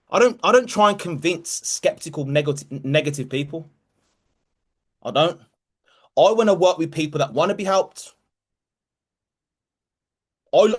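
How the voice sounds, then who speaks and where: A man hosting a group call as a motivational coach, talking directly and emphatically and repeating key phrases. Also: on the high side.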